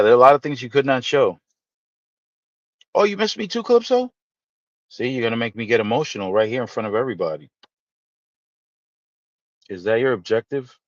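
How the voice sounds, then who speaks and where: A man hosting a live stream, chatting casually with viewers and teasing them in playful, animated asides. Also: on the low side, no room sound, dull audio. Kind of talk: casual chat reading viewer comments.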